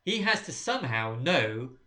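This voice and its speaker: A woman's voice: very deep voice, sing-song, moderate pace, pushed and bright. A woman co-hosting a podcast, chatting casually and teasing with pointed questions. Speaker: podcast co-host. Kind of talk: casual chat. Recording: echoey room.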